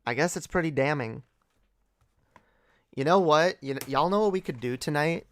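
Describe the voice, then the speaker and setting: A woman's voice: deep voice, normal speed, no echo, studio quality. A young woman hosting a late-night livestream, talking casually in a sarcastic, profane rant and laughing often. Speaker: livestream host.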